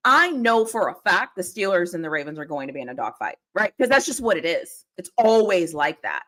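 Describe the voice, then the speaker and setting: A woman from the Pittsburgh area co-hosts a casual football talk stream from home over a video call. Her voice is on the low side and a bit bright, very animated and fairly quick, and she rambles and laughs often in this relaxed chat.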